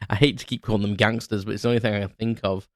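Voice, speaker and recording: A man's voice: on the low side, little pitch movement, rapid-fire, no room sound, clean studio sound. A British man in his thirties, hosting a podcast and telling an unscripted story in a rambling way with restarts. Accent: British English. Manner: rambling, many restarts and fillers. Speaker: podcast host. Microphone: close podcast mic.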